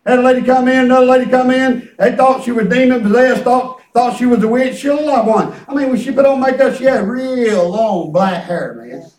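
A man preaching in a folksy, animated way, telling stories in a church. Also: very high-pitched, fairly quick, few pauses. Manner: folksy, animated, peppered with "praise God". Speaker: pastor. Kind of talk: sermon storytelling. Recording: echoey church from far off.

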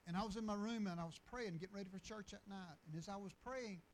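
A man preaching in a loose, storytelling style. His voice sits high for a man, and he circles back over his words with restarts and chuckles. A faint hum of ambience sits behind him. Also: quick pace, poor audio. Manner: folksy, rambling with restarts and chuckles. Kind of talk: storytelling sermon.

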